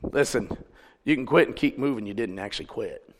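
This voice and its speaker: A man's voice: medium pitch, lively intonation, a little fast, in a large hall, noisy background. A man preaching a conversational sermon, telling stories and putting questions to the congregation. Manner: storytelling, asks the congregation questions.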